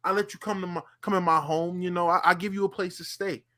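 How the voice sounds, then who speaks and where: Podcast co-host, male, high bright voice, rambling animated storyteller. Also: fast talker. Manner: animated storyteller, repeats himself, lots of fillers. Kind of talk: casual chat.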